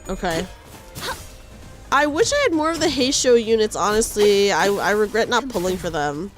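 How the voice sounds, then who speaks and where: Brief: lively chatty young woman streamer, animated pitch, soft game music underneath. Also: moderate pace. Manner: chatty, giggly, reads game lines aloud. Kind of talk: live game stream commentary.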